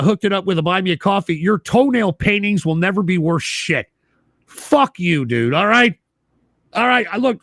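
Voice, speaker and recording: A man hosting a live stream, talking bluntly with lots of swearing and repetition, rising into shouts when worked up. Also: high-pitched, vocal fry, dry recording, studio quality. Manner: blunt, swearing, repeats himself. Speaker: livestream host. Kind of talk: profane live stream talk.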